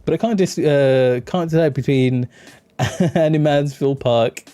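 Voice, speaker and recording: A man's voice: on the high side, a little slow. A man streaming a detective video game, joking and laughing often while playing. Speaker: gaming streamer. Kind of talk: let's play commentary. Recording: soft music behind.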